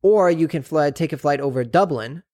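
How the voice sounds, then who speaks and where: A man's voice: moderate pace, a little mellow. Man retelling a story with acted quotes. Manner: recounts events, acts out quotes with big pitch jumps. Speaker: podcast co-host. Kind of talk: casual chat.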